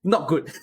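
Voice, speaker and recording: A streamer talks casually into a close desk mic, worn out and audibly emotional. The voice sits in a middle pitch and keeps jumping into excited bursts before settling back into tired, sentimental chat. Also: breathy edge. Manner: emotional, excitable, near tears. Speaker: streamer reading follower names.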